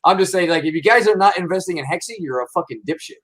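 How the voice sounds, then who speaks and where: Male livestream host, slightly high voice, excitable, rambling, heavy profanity. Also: rapid-fire. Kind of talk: casual livestream chat.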